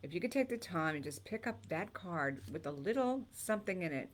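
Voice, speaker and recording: A woman's voice: lowish voice, expressive, fairly quick. A woman co-hosting a casual talk show, chatty and sentimental. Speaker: co-host.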